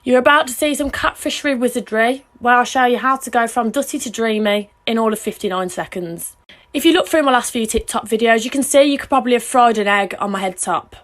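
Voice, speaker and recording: A woman's voice: a little high, brisk, a bit bright. A woman chatting through a makeup vlog, cheeky and self-mocking.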